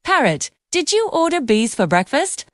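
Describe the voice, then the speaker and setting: A woman voicing a brave, playful little male monkey in a children's storybook cartoon, talking in a gentle, caring, joking way. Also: high voice, big pitch swings, normal speed, dry recording, studio quality, voice pushed up.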